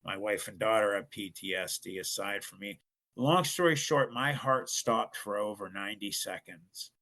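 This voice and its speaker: A man's voice: on the low side, moderate pace, bright, forceful tone. A middle-aged man from Ohio, a podcast guest telling a personal story in an earnest, emphatic way.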